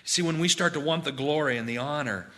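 A man's voice: on the high side, brisk, pushed and bright. A man preaching a sermon in church, emphatic and drawn out, with repeated phrases. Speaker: pastor.

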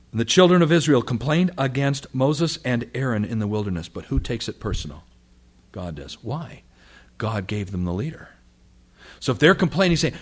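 A man's voice: mid-range voice, husky. A man preaching a sermon, reading scripture aloud and acting out the voices of the people and of God. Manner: animated, acts out quotes of the people and God. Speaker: pastor.

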